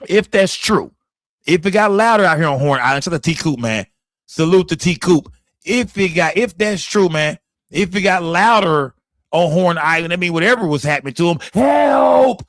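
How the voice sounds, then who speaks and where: A man's voice: a little high, moderate pace, a bit bright, dry recording, clean studio sound. A man from Texas, hosting a casual livestream, talking loosely and profanely straight to his chat. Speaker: livestream host.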